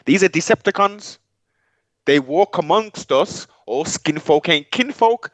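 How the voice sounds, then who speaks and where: A man's voice: on the high side, animated, measured pace, a bit bright. A man co-hosting a casual livestream, speaking emphatically and repeating phrases for stress. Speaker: livestream co-host.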